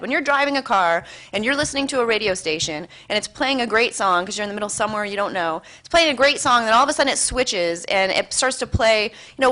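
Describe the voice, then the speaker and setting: A woman speaking to a live audience as a motivational speaker. Her voice is bright and a little high. She talks in an animated, conversational way and tells stories.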